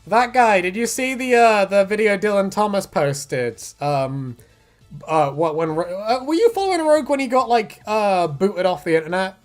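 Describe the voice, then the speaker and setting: A woman's voice: mid-range voice, animated, moderate pace, faint music behind. A woman streaming her art, chatting casually, swearing freely and laughing a lot as she rambles through stories. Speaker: artist streamer.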